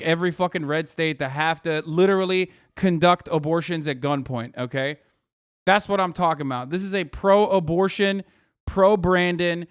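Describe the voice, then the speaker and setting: A man's voice: sits high, a bit bright, clean tone, no echo, studio quality. A man in his thirties giving a heated, sarcastic and profane political rant as a streamer reacting to news clips. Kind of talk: ranting political commentary.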